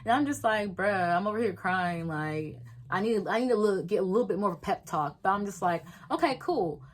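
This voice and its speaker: A young woman vlogger telling a storytime, swearing freely and acting out everyone's lines in lively voices. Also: medium pitch, brisk, poor audio. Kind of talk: storytime vlog.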